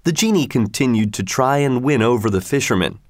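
A man narrating a folk tale aloud in a measured, even reading. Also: mid-range voice, dry recording, clean studio sound. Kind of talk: storybook narration.

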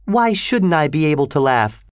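A man's voice: a little high, big pitch swings, normal speed, clean tone, dry recording, studio quality, voice pushed up. A man voicing a spirited, sweet-natured young woman in an audiobook reading. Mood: earnest.

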